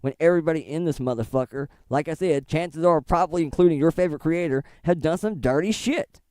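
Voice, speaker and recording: This middle-aged man streams commentary on online drama, rambling, swearing casually, and frequently breaking into laughter. He talks quickly in a fairly high, slightly mellow voice with a clear, resonant tone, captured at studio quality without echo.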